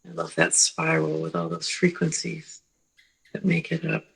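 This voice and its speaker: Gravelly, husky-voiced woman clinician teaching. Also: deep voice, monotone, low-quality recording. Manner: slow, gentle, with pauses and repeated "right?". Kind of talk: teaching talk.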